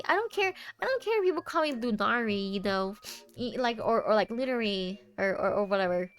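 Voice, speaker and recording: A woman's voice: a little high, animated, a little fast, clear, resonant tone, faint music behind. A woman streamer in casual chat during a live group call, giggly and playful, laughing often.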